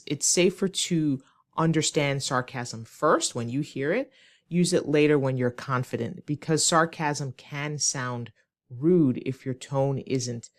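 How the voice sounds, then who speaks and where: A woman English teacher, giving a clear, demonstrative lesson and acting out short example lines. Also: low-pitched. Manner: slow, clear, demonstrative delivery with acted examples. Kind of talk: scripted ESL lesson.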